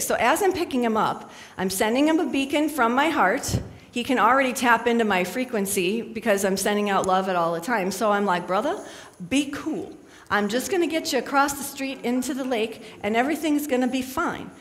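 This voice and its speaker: A woman's voice: a little high, big-room sound. A middle-aged woman speaking as a spiritual speaker to a live audience in a chatty, storytelling manner.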